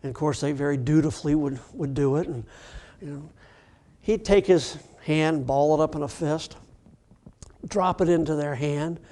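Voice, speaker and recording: A middle-aged man, a recovery doctor, telling a personal story in a lively, self-mocking way and acting out the dialogue. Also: fairly high pitch. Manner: animated storyteller who acts out dialogue. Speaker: addiction recovery doctor giving a talk.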